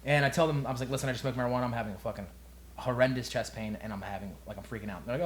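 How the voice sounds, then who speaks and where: Man, young adult, podcast co-host, animated profane storyteller, mid pitch. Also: rapid-fire, a little hiss or hum. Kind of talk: casual comedic storytelling. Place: quiet room.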